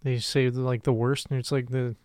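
A man co-hosting a comedy podcast, animated and quick to laugh in casual chat. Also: medium pitch, dry recording, clean studio sound. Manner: animated, laughs often, excitable. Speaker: podcast co-host.

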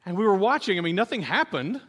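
A man's voice: high-pitched, fast talker. A middle-aged man preaching a sermon, telling a story with humor and acting out the voices of the people in it. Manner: animated storytelling, acts out quoted voices, jokes with the congregation. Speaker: pastor.

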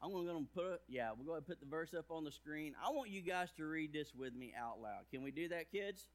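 A man's voice: lively intonation, fast. A man in his thirties, a pastor giving a playful children's sermon with jokes and big swings in his voice. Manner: playful, jokey, big swings in pitch and volume.

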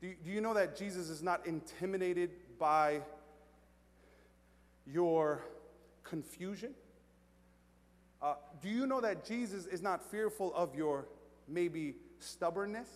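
A male pastor preaching with a high, bright voice that swells from hushed reflection into loud, rousing storytelling. His words ring out with a long reverb, as if in a big sanctuary. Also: slow, long pauses. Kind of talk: sermon.

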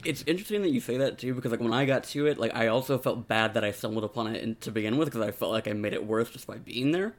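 A man in a casual chat, talking in a rambling way full of fillers. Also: medium pitch. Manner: rapid, rambling with many "like"s.

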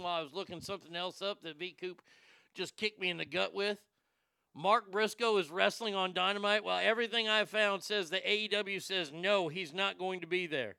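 A man hosting a casual commentary show, ranting crudely with loud profane outbursts. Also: high-pitched, vocal fry, clean tone, no echo, clean studio sound. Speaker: show host.

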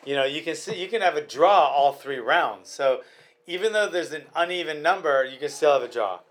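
A man's voice: on the high side, lively intonation, brisk, a bit bright. A man chatting casually about fights as a podcast host, rambling and restarting his sentences often.

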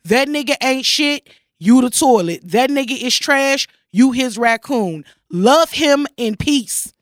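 A woman's voice: high-pitched, animated, slow, no echo, studio quality. A woman co-hosting casual banter, blunt and profane, talking with heavy emphasis. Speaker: co-host.

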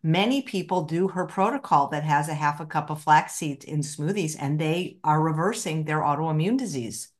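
A woman's voice: deep voice, moderate pace, few pauses. A woman hosting an interview, asking questions in a polite, hedging way. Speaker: host.

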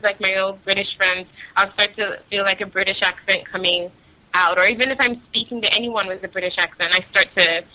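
A woman's voice: medium pitch, sharp tone, poor audio. A young woman from Nigeria, chatting casually as an interview guest, laughing often and using many fillers.

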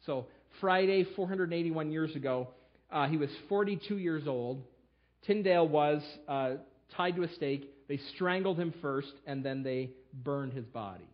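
A man's voice: on the high side, unhurried, lo-fi sound. A man preaching a sermon to his church, telling history with emphatic storytelling. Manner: emphatic storytelling, fillers and restarts. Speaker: pastor. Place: church sanctuary.

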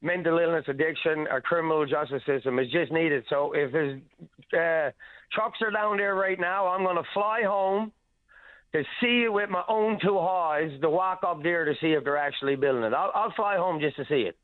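Man, radio caller, from Newfoundland, earnest, halting, tinny phone line. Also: fairly high pitch. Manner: earnest, halting, repeats himself. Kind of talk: phone-in call.

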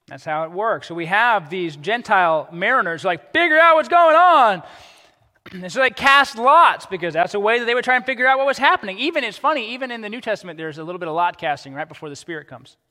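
A man preaching a sermon as pastor, animated and acting out the characters he quotes. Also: high voice, fast talker, in a large hall.

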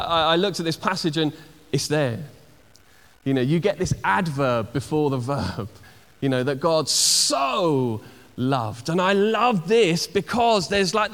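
A man's voice: a little high, a bit bright. Male pastor in a reverberant hall. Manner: conversational, many fillers and restarts, slows for emphasis. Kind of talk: sermon.

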